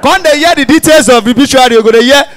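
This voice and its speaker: Man, young, Nigerian Pidgin accent, very high voice, stand-up comic, animated, acts out characters. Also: fast, slight background noise. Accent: Nigerian Pidgin English. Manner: animated, mimics characters, shifts between Pidgin and Yoruba. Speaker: stand-up comedian. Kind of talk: stand-up comedy. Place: stage in front of a live audience.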